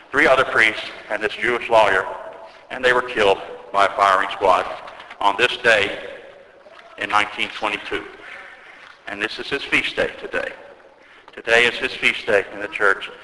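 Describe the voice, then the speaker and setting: Guy giving a sermon, bright forceful voice, big church echo hanging after every line. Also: lowish voice, slight background noise. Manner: earnest storytelling preacher, slows for emphasis. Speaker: Orthodox priest. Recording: echoey church with long reverb.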